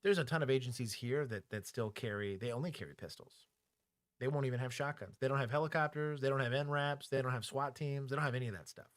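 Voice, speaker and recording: A middle-aged former police officer with a Texan accent, co-hosting a casual livestream chat in a candid, joking way. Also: male voice, medium pitch, quick pace, no room sound, studio quality. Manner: candid, joking, talks things through aloud.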